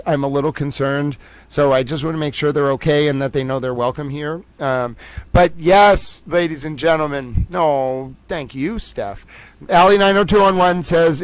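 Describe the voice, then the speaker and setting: A man's voice: a little high, dry recording, poor audio. A man hosting a livestream, reading viewer comments aloud and riffing in a playful, rambling way. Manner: playful, rambling, jokey asides to chat. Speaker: livestream host.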